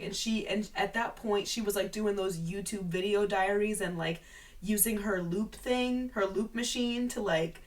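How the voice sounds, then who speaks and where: A woman's voice: mid-range voice, fairly even intonation, normal speed, recorded from a distance, low-quality recording. A young adult woman vlogging in a casual, bubbly, rambling way, full of "like" and asides. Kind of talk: casual chatty monologue.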